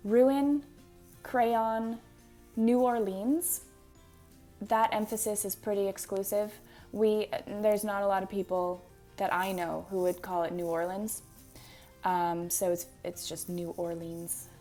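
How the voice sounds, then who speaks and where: A woman from Manitoba talks casually to her viewers in a Manitoban Canadian accent, going through words one by one and explaining them. Her voice sits at a middle pitch for a woman. Faint music plays behind her. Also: warm tone. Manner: chatty, explains word by word, upbeat. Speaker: vlogger doing an accent tag. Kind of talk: casual talk to camera.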